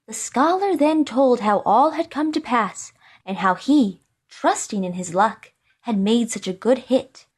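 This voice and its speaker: A woman reading an old fairy tale aloud in a clear, expressive voice of middling pitch. She narrates each step of the story steadily for listeners. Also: measured pace.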